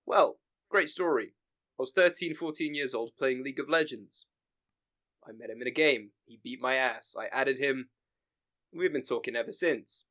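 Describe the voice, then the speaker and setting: A man's voice: mid-range voice, normal speed, sharp tone. A young man hosting a casual podcast, brash and full of swearing as he tells stories. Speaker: podcast host. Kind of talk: casual chat.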